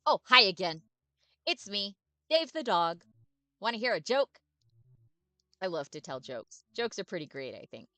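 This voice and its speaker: A woman voicing a cheerful, eager male dog ghost who talks loudly and excitably. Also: mid-range voice, measured pace, pauses often, no room sound. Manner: loud, bouncy and excitable.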